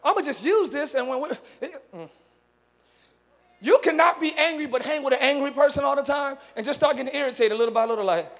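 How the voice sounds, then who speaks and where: A man pastor preaching a sermon in a church, swinging between hushed asides and shouted, animated exhortation. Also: very high-pitched, fairly quick. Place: church sanctuary.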